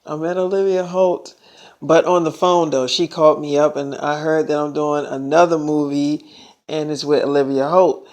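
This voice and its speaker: A man's voice: a little high, level tone, moderate pace, a little mellow. A man telling a made-up story in a casual, slangy, rambling way, full of fillers.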